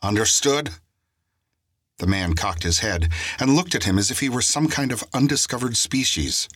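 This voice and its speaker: A man narrating a crime story in a steady scripted audiobook reading. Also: mid-range voice, normal speed, breathy edge, no echo.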